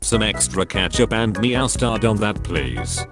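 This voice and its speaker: Low deadpan guy reading comments out, music under it. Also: unhurried. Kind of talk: flat read-out narration.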